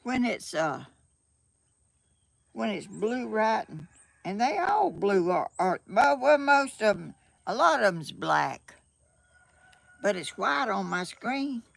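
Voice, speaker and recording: Speaking slowly in a medium-pitched, sing-song, gravelly voice, this older woman pauses often, and there's no echo. A vlogger from Georgia with a Southern US accent, she chats casually on a live stream from a sunny room at home, somewhat flustered and frequently laughing.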